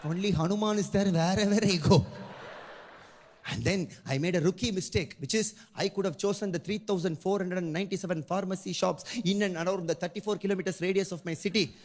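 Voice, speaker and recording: A man doing animated stand-up storytelling on stage. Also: sits high, fast, big-room sound. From India. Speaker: stand-up comedian. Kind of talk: stand-up comedy.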